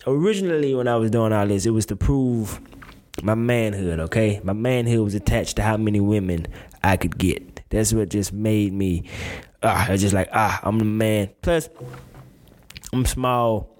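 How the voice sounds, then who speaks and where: A man's voice: on the low side, moderate pace, a little mellow. A man in his twenties giving a candid, rambling confessional monologue, full of slang and restarts.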